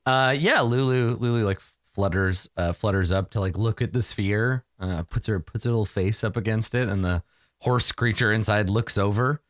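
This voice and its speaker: A man's voice: lowish voice, normal speed, no echo, clean studio sound. A man narrating as game master, chatty and rambling with frequent laughter.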